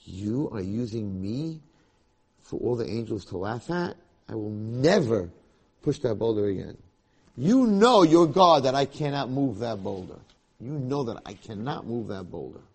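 Man doing a plain, earnest worker, low husky voice. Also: expressive, normal speed, mellow, heavily acted. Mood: indignant. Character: simple, earnest working man Yaakov.

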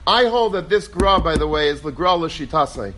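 A man teaching a Torah class as a rabbi, telling stories in a lively way and acting out quoted voices. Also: on the high side, moderate pace. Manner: animated, acts out quoted voices; lively storytelling, peppered with Hebrew and Yiddish terms.

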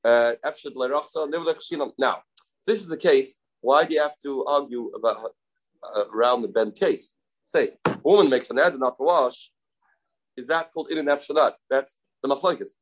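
A man teaching a Talmud lesson, halting and repeating phrases, mixing English with Hebrew and Aramaic terms. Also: medium pitch, rough recording. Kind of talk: Talmud study class.

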